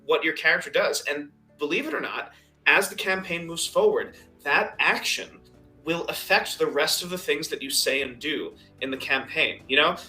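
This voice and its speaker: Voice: medium pitch, moderate pace, sharp tone, faint music behind. A podcast host and dungeon master in casual chat, loose and rambling, repeating "you know" constantly and swearing casually.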